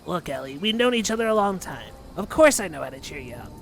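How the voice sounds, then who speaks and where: A man's voice: high-pitched, very animated, quick pace, gravelly, soft background music, exaggerated voice. A man voicing a cocky, showboating male gnome in a tabletop game. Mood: sincere. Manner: loud, playful, theatrical.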